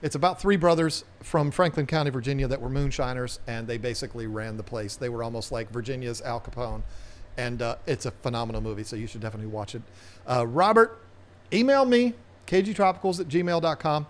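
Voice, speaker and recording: A man's voice: mid-range voice, steady tone, brisk. A man hosting an aquarium live stream, chatting in a casual, rambling, playful way with viewers. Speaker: aquarium channel host.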